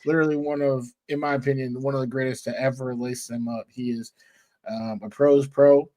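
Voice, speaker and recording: A man's voice: mid-range voice, fairly even intonation, fairly quick, warm tone. A male co-host in casual sports chat, laid-back and hedging with lots of fillers.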